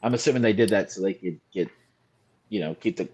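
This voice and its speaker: Halting man in casual chat. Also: low-pitched, darkish tone, breathy edge. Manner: halting, repeats words.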